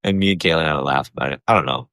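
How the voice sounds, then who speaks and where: A comedian hosting a casual solo podcast, animated and profane, jumping his voice around to act out what people said. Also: very fast, no room sound. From Canada. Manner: animated, profane, acts out quoted voices with big pitch jumps. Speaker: comedian host.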